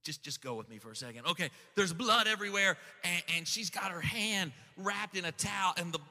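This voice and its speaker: A middle-aged man preaching a sermon, telling a story with lots of excitement and stumbling repeats as he starts sentences. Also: high voice, a little fast. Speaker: pastor. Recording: long hall reverb.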